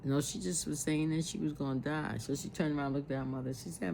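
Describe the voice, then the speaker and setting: A woman's voice: rumbling low, a little fast, gravelly, few pauses, background noise. A woman telling a personal family memory in an earnest way, often repeating herself as she recalls it. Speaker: storyteller.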